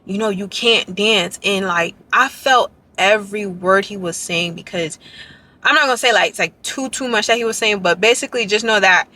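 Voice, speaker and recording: A young woman vlogging casually, telling an excited, rambling story full of "like" and "y'all". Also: medium pitch, fairly quick. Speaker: dance vlogger.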